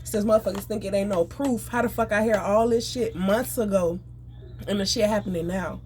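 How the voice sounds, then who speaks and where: A woman venting in an angry, profane, rapid rant. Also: mid-range voice, a little mellow, slight background noise. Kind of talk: emotional venting monologue.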